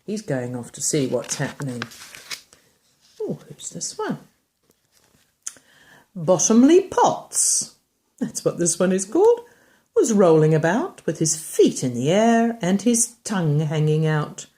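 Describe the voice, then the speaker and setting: A woman reading a picture book aloud to a young child. She stops to ask about the pictures, moving between bright exclamations and soft murmured asides. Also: on the low side, very animated, slow, pauses often. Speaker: reader to a child.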